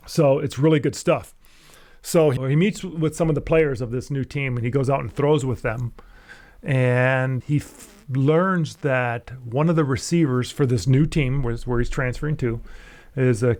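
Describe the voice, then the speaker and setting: A man who works as a mental skills coach, telling a story in a casual, animated way and chuckling often between phrases. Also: mid-range voice.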